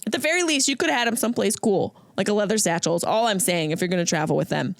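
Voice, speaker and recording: A woman's voice: mid-range voice, very fast, creaky, a little hiss or hum. A woman comedian hosting her podcast, riffing through a comedic monologue and slipping into silly voices.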